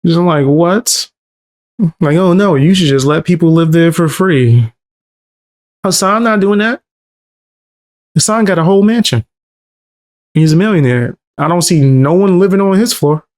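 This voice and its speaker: Animated, slangy male co-host. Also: a little high, measured pace, pauses often. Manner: animated, slangy, laughing often. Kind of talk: casual reaction chat.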